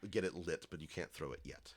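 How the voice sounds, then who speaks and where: A man running a tabletop game as dungeon master, giving rulings in a halting way with many fillers. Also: low-pitched.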